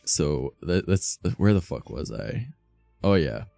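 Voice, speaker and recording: A man streaming while reading fan fiction aloud, adding profane, deadpan asides in a slightly sore voice. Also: a bass voice, takes it slowly, gravelly, soft background music.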